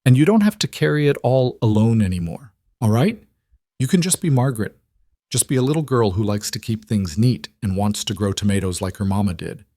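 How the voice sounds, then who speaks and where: A man voicing a kind young frontier woman who speaks gently but firmly, reassuring a frightened family. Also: on the low side, animated, a little fast, no echo, clean studio sound. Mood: tender.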